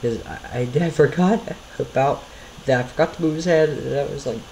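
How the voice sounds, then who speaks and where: Man, casual video commentary, rambling, self-deprecating, mid-pitched voice, faint background hiss. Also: a little fast, darkish tone, rough recording. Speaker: video creator commenting on his own series. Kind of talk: casual commentary over his own videos.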